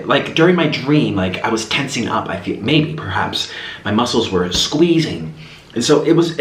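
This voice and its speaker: A man vlogging a casual story while he eats, rambling and animated, with lots of restarts. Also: medium pitch. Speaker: mukbang vlogger. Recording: roomy echo, faint background hiss.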